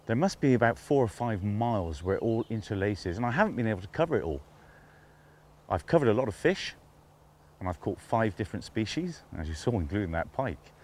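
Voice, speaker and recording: Male outdoor presenter, lowish voice, eager and admiring, riverbank with faint background sound. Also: sing-song, fairly quick, a little mellow, a little hiss or hum. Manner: enthusiastic, admiring, talking half to himself. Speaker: fly fishing instructor and show presenter. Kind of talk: casual outdoor presenting to camera.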